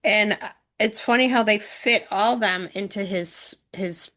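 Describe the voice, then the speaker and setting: A woman's voice: mid-range voice, a little slow, a bit bright. A middle-aged woman co-hosting a casual podcast chat, retelling TV scenes in long run-on chains of "and". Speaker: podcast co-host, mother. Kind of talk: casual chat recapping a TV show.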